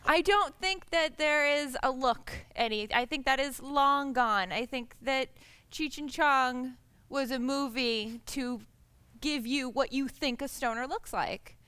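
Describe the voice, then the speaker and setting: A woman speaking as a panelist in a public forum discussion, brisk and conversational with frequent restarts. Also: high-pitched, bright, forceful tone, smooth.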